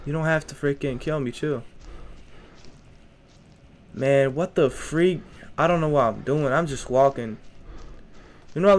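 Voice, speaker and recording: A young man streams a horror game in a medium-pitched, slightly slow voice, pausing often. Jittery and scared, he mutters to himself and taunts the monster in slang, saying "bro" again and again.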